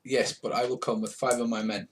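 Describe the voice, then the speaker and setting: A man voicing a proud, stubborn alien warrior chieftain who speaks in stiff, halting phrases. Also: mid-range voice, flat delivery, breathy edge, lightly acted. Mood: stern. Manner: halting, stiff broken speech.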